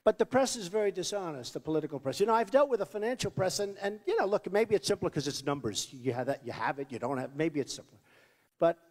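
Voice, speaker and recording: A political candidate with a high, expressive voice speaks quickly at a podium microphone in a large venue. His campaign rally speech is rambling, boastful and repetitive, and the big hall adds a long reverb.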